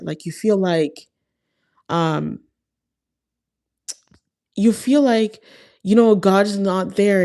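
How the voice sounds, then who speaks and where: Chatty young woman, lowish voice. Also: darkish tone. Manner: chatty and heartfelt, frequent "like" fillers. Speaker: vlogger. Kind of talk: casual faith talk to camera.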